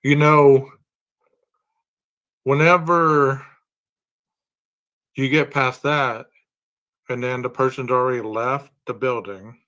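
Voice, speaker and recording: A man speaking slowly and deliberately in a true-crime podcast monologue. He reasons aloud, stacking one rhetorical question on another. His voice sits at an ordinary middle pitch. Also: steady tone, fairly bright tone. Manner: poses long strings of rhetorical questions. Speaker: podcast host.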